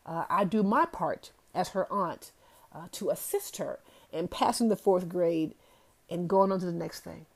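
A woman's voice: fairly low pitch, lively intonation, unhurried, vocal fry. A woman hosting a casual motivational talk. She speaks earnestly and repeats key phrases for emphasis. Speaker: host of a talk series.

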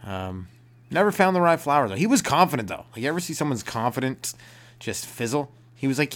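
A young man hosting a solo comedy podcast, rambling and swearing as he acts out other people in high put-on voices. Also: animated, a little fast, fairly bright tone. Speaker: podcast host.

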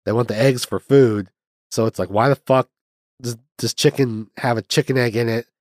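A man's voice: medium pitch, fairly even intonation, normal speed, a little mellow, no echo, studio quality. A man casually reviewing a film, rambling with lots of fillers and restarts and the odd swear word.

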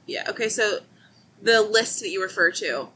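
A woman's voice: medium pitch, expressive, normal speed, pushed and bright, a little hiss or hum, rough recording. A woman in casual chat, explaining a book's plot step by step to a friend. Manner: explains plot points, comparing book and movie. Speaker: podcast co-host.

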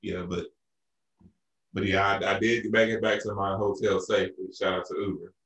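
In a relaxed chat, a podcast co-host from Arkansas with a very low voice spins a long, wandering story at a normal pace. He keeps restarting sentences and relies heavily on fillers. The recording has a roomy echo, and he sits a bit off-mic.

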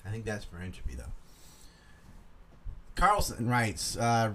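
A man's voice: fairly low pitch, slow, pauses often, slight background noise. A man with a Carolina Southern accent, ranting bluntly and profanely on a casual livestream while reading out viewer donations.

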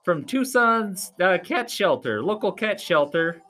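A casual commentator talks through the action as it happens, chatty and laughing often. The voice swings widely up and down in pitch. Faint music plays in the background. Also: lively intonation, unhurried, pushed and bright. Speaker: vlogger commenting on a live event. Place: at a live arm-wrestling event.

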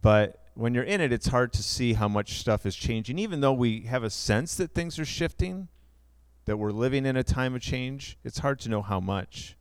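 A man's voice: medium pitch, animated, moderate pace, smooth, no echo. A younger man preaching a sermon, explaining figures in a conversational way with asides. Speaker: pastor.

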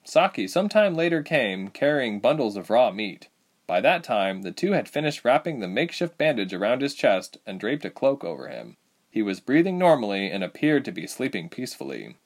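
A man reads a chapter of a fantasy novel aloud in an expressive audiobook style. His pitch sits mid-range but rises and falls a great deal. The reading is lively and steady. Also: fairly quick. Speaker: narrator. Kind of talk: audiobook narration.

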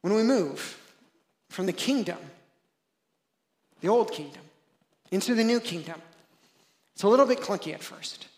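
A man's voice: high voice, animated, unhurried, pauses often, roomy sound. A man in his thirties preaching a sermon, conversational and story-driven, often checking in with the audience. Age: 30s. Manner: conversational storytelling with frequent "right?" asides. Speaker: pastor.

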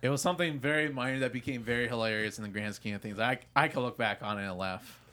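Young man, casual podcast storyteller, animated, swears, acts out quotes. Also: mid-range voice, fast. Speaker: podcast co-host.

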